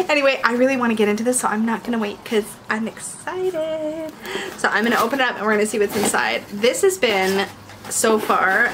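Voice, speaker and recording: Excitable woman vlogger, high sing-song voice, faint background noise. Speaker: tarot reader and video host. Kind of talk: casual unboxing vlog.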